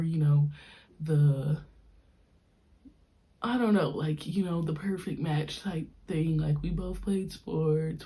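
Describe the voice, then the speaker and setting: A young woman hosting a podcast, telling a personal story in an animated, slangy, frank way. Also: deep voice. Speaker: podcast host. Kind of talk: casual storytelling.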